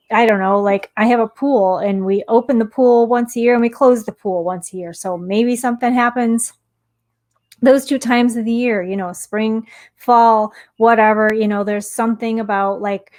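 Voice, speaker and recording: A woman's voice: fairly high pitch, a little mellow. A woman who teaches mindfulness, talking candidly in a casual self-help monologue and sharing personal stories.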